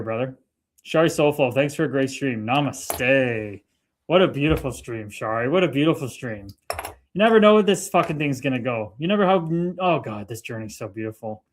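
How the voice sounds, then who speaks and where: A man in his thirties hosting a casual livestream, swearing freely and mixing hype with preachy spiritual talk while reading out comments. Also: fairly high pitch. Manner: profane, hyped-up, preachy spiritual lingo. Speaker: livestream host. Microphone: streaming mic.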